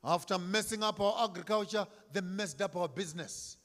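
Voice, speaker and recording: A man delivers a fiery public speech, repeating key lines and swinging between near-whispers and shouts. His voice sits high and rings bright and forceful. The sound carries the long reverb of a large hall. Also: normal speed. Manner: declamatory, repetitive emphasis, swinging from hushed to shouted. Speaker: speaker at a commemorative event.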